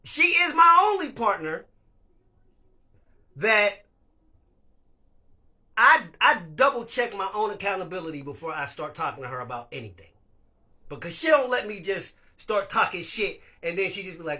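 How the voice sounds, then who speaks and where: A man's voice: high voice, lively intonation, normal speed, sharp tone. A man hosting a casual live chat, talking candidly and loosely, laughing often and swearing freely. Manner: speaks of being a leader. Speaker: live stream host.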